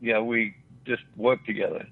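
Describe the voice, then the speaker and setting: A man's voice: fairly low pitch, fairly even intonation, moderate pace, breathy edge. An older man from Australia with an Australian accent, telling rambling anecdotes as an interview guest and acting out quoted voices. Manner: rambling, chuckling, acts out quotes. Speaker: interview guest, former actor. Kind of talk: anecdotal storytelling. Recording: phone-like radio line.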